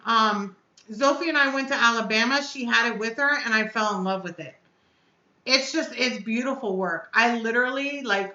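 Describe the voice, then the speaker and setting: A woman's voice: on the high side, sharp tone, reverberant, lo-fi sound. A woman hosting a casual live stream, chatting effusively and answering her viewers' comments aloud. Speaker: vape reviewer hosting a live chat.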